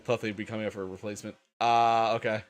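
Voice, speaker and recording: A man's voice: on the low side, little pitch movement, fast. A man hosting a casual livestream, sleepy and tired, swearing often and laughing a lot. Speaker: livestream host.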